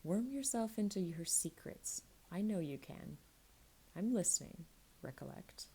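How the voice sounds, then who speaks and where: A crafty, cruel little man hisses his threats in a half-whisper, low and gravelly, as a woman reading a storybook puts him on. The voice is dark and mellow rather than bright. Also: animated, a little slow, full character voice, poor audio. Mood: threatening. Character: cruel scheming male dwarf, menacing and crafty.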